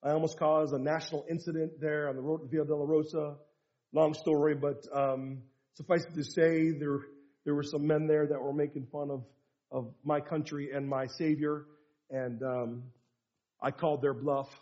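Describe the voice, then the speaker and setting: Middle-aged American male pastor, high voice, sermon storyteller swinging from hushed to fervent; muffled lo-fi recording. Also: little pitch movement, moderate pace. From United States.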